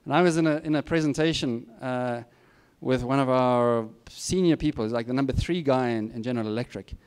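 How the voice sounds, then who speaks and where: A man's voice: medium pitch, a little fast, a little mellow, clear, resonant tone. A middle-aged man giving students candid, plain-spoken career advice with self-deprecating asides. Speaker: guest speaker. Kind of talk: informal advice talk to students.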